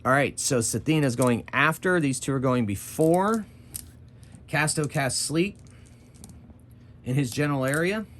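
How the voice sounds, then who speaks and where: A man's voice: a little high, unhurried, pauses often, fairly bright tone, slight background noise. A man running and narrating his own solo tabletop game, chatting and thinking aloud about rules and dice rolls.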